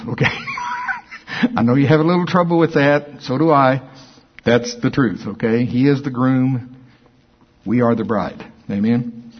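Husky, excitable preacher man. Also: medium pitch, muffled recording. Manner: excitable, laughs often, reads scripture slowly. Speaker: pastor. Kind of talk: sermon.

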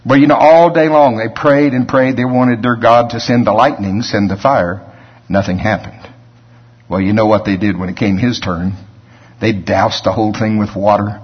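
Male preacher, mid-pitched husky voice, folksy storytelling sermon, dull lo-fi recording. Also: fairly even intonation, moderate pace. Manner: conversational, storytelling preaching with asides and chuckles.

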